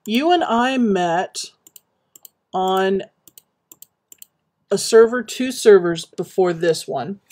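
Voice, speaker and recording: A woman chatting casually while building in a game, rambling and reminiscing with many pauses and fillers. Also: mid-range voice, warm tone. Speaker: Minecraft streamer.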